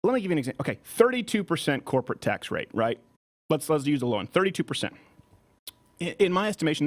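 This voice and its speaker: A man hosting a political commentary show from a studio, with an animated, mocking delivery. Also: a little high. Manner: animated, mocking, breaks into shouted impressions. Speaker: talk show host.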